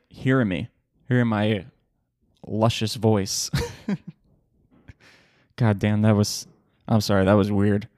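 A man's voice: medium pitch, no room sound. A young man talks through a loose solo podcast episode from a home setup, rambling, cursing and laughing at his own tangents. His voice sits in a middle range and comes across close and dry on the microphone. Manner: swearing, laughing, animated rambling. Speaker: podcast host. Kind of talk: casual solo podcast rant.

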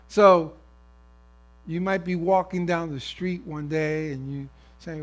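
A man's voice: on the high side, fairly even intonation, unhurried. A man preaching a sermon, acting out everyday scenes in different voices.

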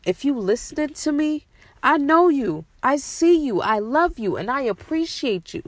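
A woman's voice: high voice, expressive, no room sound. A woman hosting her own show, speaking heartfelt, repetitive affirmations outdoors at night, at times close to tears. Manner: slow, repetitive, soothing affirmations; emotional, tearful at times. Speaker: podcast host.

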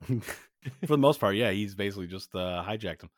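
A man's voice: on the low side, lively intonation, normal speed, no echo. A man hosting a podcast, recapping an old cartoon episode in a joking, rambling casual chat full of fillers. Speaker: podcast host.

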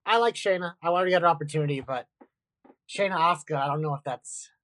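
A woman co-hosting a casual wrestling podcast, animated and blunt, with quick asides and casual swearing. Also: deep voice, no room sound, poor audio. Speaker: podcast co-host.

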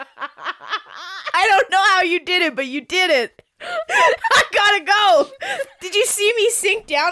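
A woman co-hosting a casual podcast chat over a video call, swearing often and laughing loudly. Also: extremely high pitch, very animated, slow pace, pauses often. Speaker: podcast co-host.

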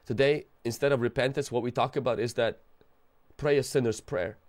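A man preaching a sermon with passion, swinging between fervent outbursts and quieter urging, mixing casual slang into his preaching. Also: medium pitch, steady tone, fairly quick. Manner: impassioned, rising and falling intensity, calls to the audience.

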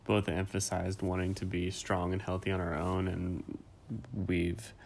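A calm, laid-back man chatting casually with his wife on their podcast. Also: low voice, a little slow. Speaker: podcast co-host. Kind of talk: casual couple chat.

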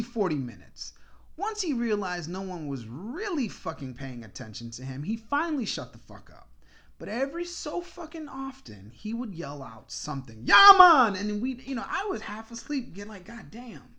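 A man's voice: a little high, fairly bright tone. A man hosting a podcast, telling a story in a casual, exasperated and profane rant. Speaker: podcast host.

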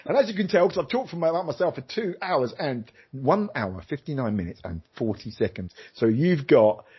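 A man, a former radio DJ, telling stories in a lively, self-mocking way on a podcast. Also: fairly high pitch, fairly quick, breathy edge. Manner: animated, jokey, self-mocking, acts out voices. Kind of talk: casual storytelling chat. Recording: dull lo-fi podcast audio.

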